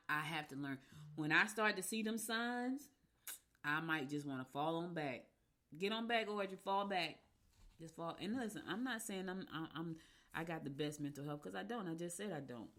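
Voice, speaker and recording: A middle-aged woman from Newark hosting a radio show, talking in a casual, animated, candid way and swearing freely. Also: fairly low pitch. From Newark, New Jersey. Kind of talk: casual personal monologue.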